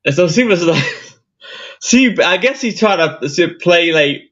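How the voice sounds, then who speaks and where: Man guest, lively voice, slightly high, muffled lo-fi sound. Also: measured pace. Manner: laughing, loose anecdote telling. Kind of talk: casual storytelling chat.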